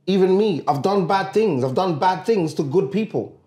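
A man's voice: sits high, animated, moderate pace, mellow. Earnest man in an echoey room. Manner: earnest, repeats "do you get what I'm saying". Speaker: podcast co-host. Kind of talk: casual podcast chat.

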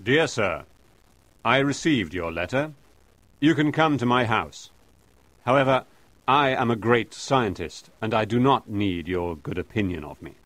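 A man's voice: on the low side, lively intonation, a little slow, a bit bright, no echo. A man voicing an arrogant male professor who is curt and scornful. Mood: haughty. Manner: haughty, curt.

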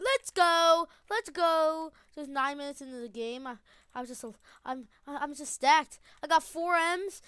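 Gal with a super high voice doing slow, excited gameplay commentary, lots of laughing. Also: female voice, no room sound, clean studio sound. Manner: excitable, laughs often, repeats phrases. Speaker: gamer.

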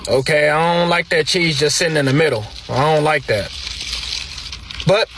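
A man from the United States giving comedic reaction commentary, loud and slangy, with exaggerated outrage and repeated protests. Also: a little high, normal speed, noisy background. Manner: slangy, playful talk. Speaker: reaction video creator.

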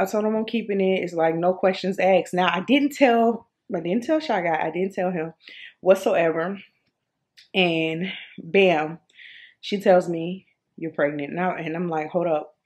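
A vlogger in her mid-thirties tells her camera a personal story in a casual vlog. Her voice sits a little low, and her delivery is animated and expressive, full of repetition and fillers like "um" and "like."

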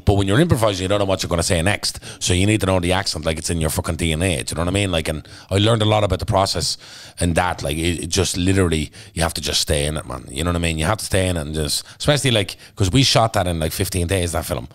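A man's voice: sits low, very fast, dry recording. A man with an Irish Traveller accent, a podcast guest and actor, telling stories in blunt, sweary casual chat. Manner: blunt, sweary, animated storytelling.

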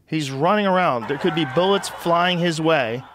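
A man hosting a podcast, talking in an animated, profane, incredulous way in casual conversation. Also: on the high side, normal speed, noisy background. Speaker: podcast host.

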